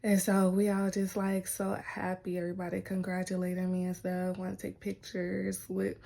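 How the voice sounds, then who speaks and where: A woman's voice: lowish voice, monotone, moderate pace, gravelly, dark tone. A woman telling a personal story to her viewers in a casual vlog, chatty and loose, peppering her talk with "like" and "y'all". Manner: chatty, heavy use of "like" and "y'all". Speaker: vlogger.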